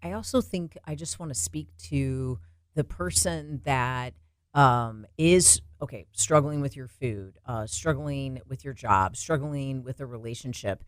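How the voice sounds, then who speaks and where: A woman's voice: very deep voice, a little slow, dry recording, studio quality. A woman co-hosting a faith and fitness talk show, speaking earnestly and building to emphatic declarations. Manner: earnest, rising to emphatic exclaims. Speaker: co-host. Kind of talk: faith podcast conversation.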